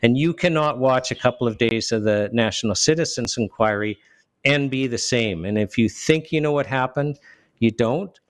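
A man's voice: mid-range voice, moderate pace, no room sound. A man talks as an interview guest, earnest and emotional, with a mid-range voice. He often trails off and restarts his sentences. The sound is dry, with no room around it. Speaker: lawyer, guest. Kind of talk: casual interview talk.

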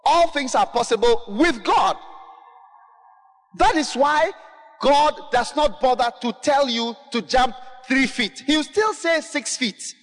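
A man preaching a sermon, emphatic and repetitive, often rising to shouts and calling to the congregation. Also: very high-pitched, expressive, slow. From Ghana. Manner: emphatic, repetitive, building to shouts, call-and-response. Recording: long hall reverb.

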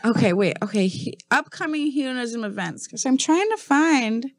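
A woman's voice: fairly high pitch, animated, moderate pace, dry recording, studio quality. A woman co-hosting a podcast, telling a long, profane anecdote in casual chat and laughing often. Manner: loose, profane storytelling with frequent laughter. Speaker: podcast co-host.

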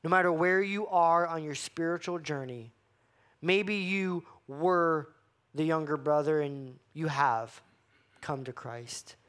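Man pastor, unhurried sermon delivery, dramatic with hushed drops. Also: fairly high pitch, clean tone. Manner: dramatic, acts out quoted voices, drops to hushed emphasis.

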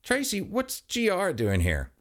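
Man doing a squeaky exasperated party host. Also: huge pitch swings, measured pace, exaggerated voice. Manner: shouty, exasperated. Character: brash foul-mouthed young man host, squeaky.

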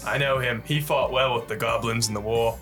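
A man's voice: medium pitch, fairly even intonation, brisk, vocal fry, fairly bright tone, soft background music. A man voicing a male spellcaster bluffing his way into a cult as a recruit.

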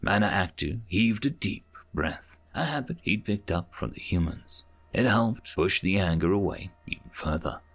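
A man hosting a channel and narrating a serialized sci-fi story with an expressive reading. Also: low-pitched, moderate pace, hardly any pauses, breathy edge. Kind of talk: audiobook narration of online sci-fi fiction.

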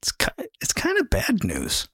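A man's voice: extremely high pitch, huge pitch swings, unhurried, fairly bright tone, breathy edge. A man co-hosting a casual podcast, talking in a chatty, rambling way and laughing often. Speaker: podcast co-host.

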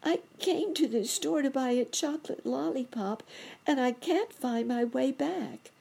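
A woman voicing a tiny, lost little chipmunk, high and plaintive. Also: expressive, measured pace, creaky, dark tone, breathy edge, full character voice. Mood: forlorn. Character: tiny lost striped chipmunk, tearful child.

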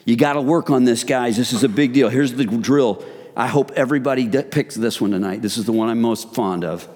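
A man preaching to a men's group in an emphatic, exhorting way, at a mid pitch. His voice carries a long reverb through a large hall. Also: a little fast, a little mellow. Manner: emphatic and exhorting, addresses listeners as guys. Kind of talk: sermon.

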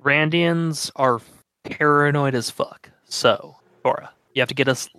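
A man talks through a tabletop game in a hurried, flustered way. His voice sits a little high and sounds bright and sharp, recorded dry and close. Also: clean tone, no echo. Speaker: player. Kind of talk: tabletop play.

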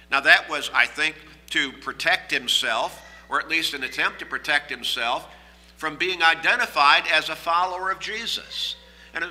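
A man preaching a sermon, teaching in a measured way and reading scripture aloud with emphasis. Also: a little high, pushed and bright, in a large hall, poor audio.

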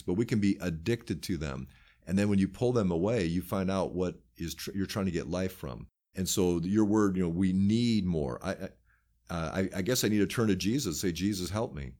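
A man's voice: low-pitched, darkish tone. A man who is a pastor, talking earnestly in a casual faith discussion and quoting scripture as he goes. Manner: earnest, quotes scripture often.

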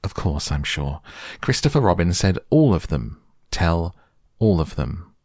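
Brief: a man playing a fussy, pompous owl, gravelly and slow, pushing harder and louder than the narration. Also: low-pitched, very animated, no echo, studio quality, full character voice. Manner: fussy, insistent, a little pompous. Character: fussy, self-important male owl.

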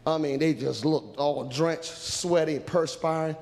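Preacher, comic storyteller, high gravelly voice, long church reverb. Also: male voice, measured pace. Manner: animated, humorous, shouting preacher. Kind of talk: storytelling sermon. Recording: echoey church hall.

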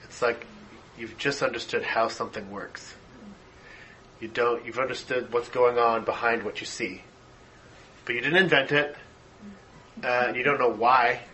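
A man's voice: medium pitch, steady tone, unhurried, pauses often, pushed and bright, slight background noise, poor audio. A man leading a casual discussion, talking with enthusiasm and lots of fillers, while losing his voice. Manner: enthusiastic, many fillers and laughs.

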